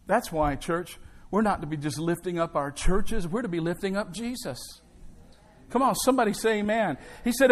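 Male pastor, slightly higher voice, punchy rhythmic sermon delivery, calls for amens. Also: moderate pace. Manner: emphatic, rhythmic preaching with call and response. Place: church.

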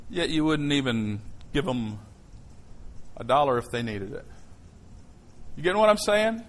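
A middle-aged man preaching a sermon, telling a personal story in an animated way that swings from hushed lines to shouts. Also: medium pitch, measured pace, pauses often, rough recording.

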